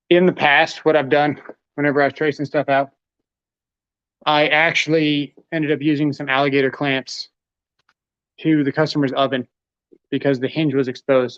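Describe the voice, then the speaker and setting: A man's voice: medium pitch, dry recording. A man hosting a live tool demonstration, talking casually while he handles his gear. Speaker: host demonstrating tools. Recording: dull lo-fi livestream audio.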